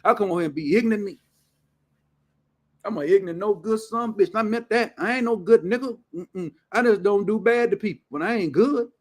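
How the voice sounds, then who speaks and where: A man hosting his own show, ranting casually in a loud, blunt, profane way with heavy slang. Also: high-pitched, brisk. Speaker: show host.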